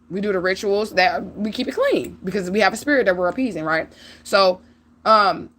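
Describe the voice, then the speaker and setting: A middle-aged woman tells a story on her livestream. She talks in a casual, animated and profane way and speaks straight to her viewers. Her voice sits at an ordinary pitch for a woman. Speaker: livestream host.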